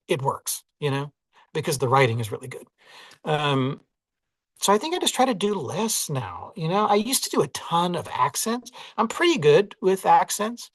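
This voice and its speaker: A man with a Southern US accent talks in a relaxed, reflective way, hedging and laughing at himself. The sound is dry and close, with no room behind him. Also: fairly high pitch, no room sound. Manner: reflective, self-deprecating, many "like" and "you know". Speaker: audiobook narrator, interview guest. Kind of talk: casual interview conversation.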